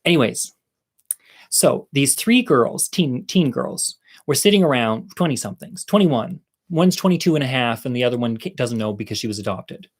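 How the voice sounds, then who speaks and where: A man's voice: medium pitch, animated, moderate pace, slightly rough. A man hosting his own show, telling jokes in a rambling, campy way that keeps interrupting itself. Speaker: host and storyteller. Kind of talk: stand-up joke telling.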